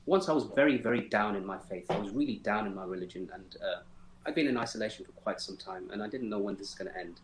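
A man's voice: on the low side, fast. An earnest man gives reflective interview answers, pressing his points with emphasis and frequent restarts. His voice carries a roomy echo, with a faint hum behind it. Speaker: interview guest, former detainee.

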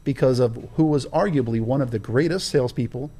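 A man appears as an interview guest, telling his own story in conversation. His mid-range voice is brisk and mellow, and he speaks emphatically, leaning on key words with a preaching cadence.

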